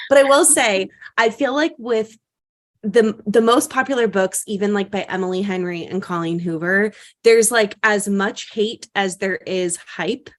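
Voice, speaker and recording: A woman's voice: medium pitch, normal speed. A woman co-hosting a podcast, chatting casually with lots of "like" and "um" and restarting her sentences. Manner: chatty, many fillers and restarts. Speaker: podcast co-host. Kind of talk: casual chat.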